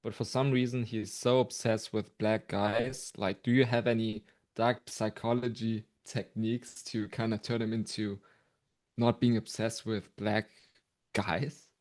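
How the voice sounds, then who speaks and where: A man playing a quarrelsome sales prospect on a video call, talking haltingly. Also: fairly low pitch, flat delivery, darkish tone, close to an everyday voice. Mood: sulky.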